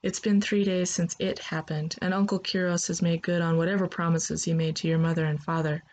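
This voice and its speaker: A woman narrating a sci-fi story in the second person, in a calm, steady storytelling manner. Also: lowish voice, brisk, slight background noise.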